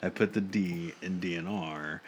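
A man's voice: deep voice, steady tone, a little slow, slight background noise. A man in his thirties co-hosting a casual podcast, laughing often and talking in a playful way. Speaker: podcast co-host. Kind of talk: casual chat.

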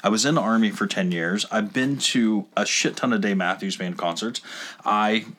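A man's voice: lowish voice, moderate pace, a bit bright. A man in his thirties who is hard of hearing, telling a rambling, exasperated story in casual chat and swearing along the way. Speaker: podcast co-host telling a story.

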